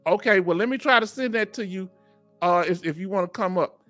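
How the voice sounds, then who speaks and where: A high-pitched man with a bright, forceful Southern Texas accent chats on his live stream, joking and laughing often as he answers viewers. Soft music plays faintly behind him. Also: a little fast. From Houston, Texas. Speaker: veteran livestream host. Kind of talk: casual live-stream chat.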